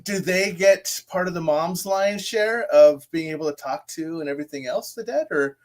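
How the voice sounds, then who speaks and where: A woman's voice: fairly low pitch, normal speed, a little mellow. A woman hosting an interview show, asking questions and giving short, friendly reactions. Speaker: host. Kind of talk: casual interview chat.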